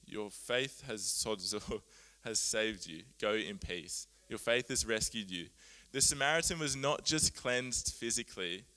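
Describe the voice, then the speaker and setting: Bright, clear-voiced male preacher. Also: medium pitch. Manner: earnest, animated, laughs at himself. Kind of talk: sermon.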